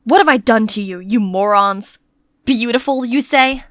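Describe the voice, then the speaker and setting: A woman voicing a moody, fastidious young male prince in an animated story, snapping out curt commands. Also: on the high side, no room sound, clean studio sound. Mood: bitter.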